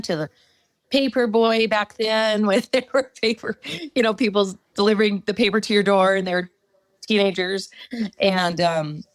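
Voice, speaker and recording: A middle-aged woman giving a personal testimony as a podcast guest, halting storytelling with many fillers. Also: medium pitch, no room sound.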